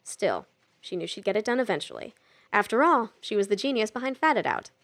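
A woman narrating a novel in a steady, even storytelling manner. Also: medium pitch, brisk. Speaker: audiobook narrator. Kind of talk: scripted narration.

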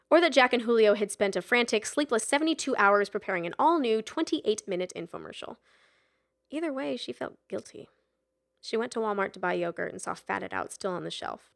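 A woman narrating an audiobook in a measured storytelling manner. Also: mid-range voice, vocal fry. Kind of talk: scripted narration.

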